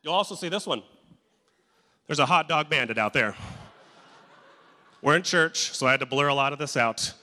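A man's voice: fairly high pitch, normal speed, pauses often, sharp tone. A male pastor preaching a sermon in a church, conversational and joking with emphatic turns. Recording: echoey church hall.

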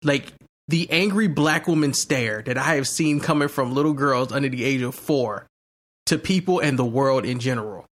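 A young man on a podcast, telling animated stories about his pregnant partner, with laughs and profanity along the way. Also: medium pitch, moderate pace. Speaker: podcast host. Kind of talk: casual chat.

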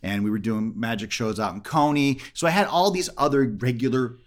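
Fast-talking man telling a story. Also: medium pitch. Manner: animated, acts out the people he quotes. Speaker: comedy magician, interview guest. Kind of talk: casual storytelling in an interview.

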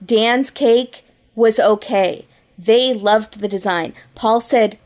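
Woman, fairly high voice, playful podcast co-host, easy chat. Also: slow pace, darkish tone. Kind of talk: casual chat.

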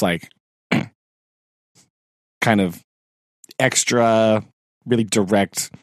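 A man's voice: fairly low pitch, a little mellow, no echo, studio quality. A man who teaches sixth grade, chatting casually on a podcast, rambling with fillers and frequent laughs. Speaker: podcast co-host. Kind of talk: casual chat.

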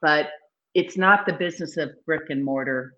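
A middle-aged woman from Nashville with a slight Southern accent, chatting casually as an interview guest and acting out quotes in animated voices. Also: low voice, moderate pace, muffled recording. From Nashville, Tennessee. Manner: lively storyteller, acts out quotes with animated voices. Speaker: real estate broker guest.

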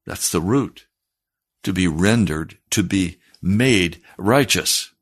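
Husky-voiced man preaching. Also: deep voice, expressive, takes it slowly. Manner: earnest preaching, rising to fervent emphasis. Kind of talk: sermon.

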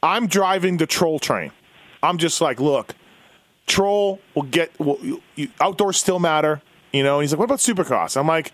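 A long, rambling story comes from a man co-hosting a casual motorsports podcast, who acts out what others said along the way. He speaks in an animated, high-leaning voice at a moderate pace, without any echo.

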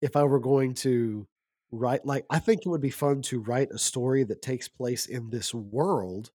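A man's voice: mid-range voice, a little slow, warm tone, no room sound, studio quality. Easygoing man thinking aloud on a podcast. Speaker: podcast co-host. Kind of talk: casual movie review chat.

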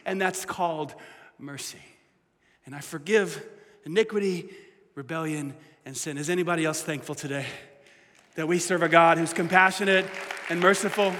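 A male pastor giving an animated, conversational sermon with playful asides, speaking in a church hall. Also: fairly high pitch, moderate pace, long pauses. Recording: echoey hall.

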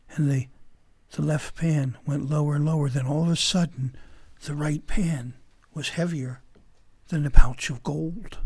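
Male storyteller, dramatic pauses, whispers and loud bursts, fairly high voice, dry close sound. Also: no room sound. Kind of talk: oral storytelling.

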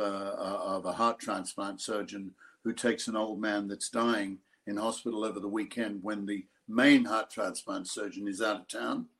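An older Australian actor telling a lively story in an interview, acting out other people's voices. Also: male voice, on the low side. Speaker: actor guest. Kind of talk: interview anecdote.

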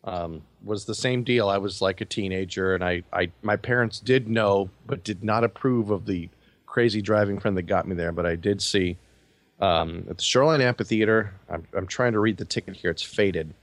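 A man in his forties, a podcast co-host, telling a story in a halting, self-correcting way. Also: on the low side, no room sound. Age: 40s. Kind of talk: casual chat.

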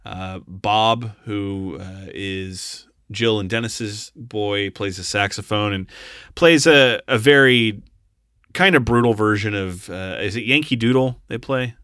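Male podcast co-host, low-pitched, smooth and forceful tone, blunt and exasperated film talk. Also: measured pace, no echo, studio quality. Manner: blunt, exasperated, swears casually. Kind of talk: casual film review chat.

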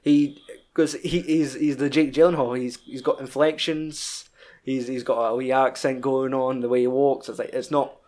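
Scottish man, casual podcast chat, animated, lots of swearing, mid-pitched voice. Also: normal speed. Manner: animated storytelling, heavy swearing. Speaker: podcast co-host reviewing a film.

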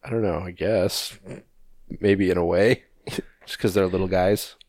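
A man with a fairly low voice co-hosts a podcast in relaxed, rambling chat. He leans on fillers and drops casual swears. The sound is close and dry. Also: a little slow, no echo. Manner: laid-back, swears often, many fillers. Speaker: podcast co-host.

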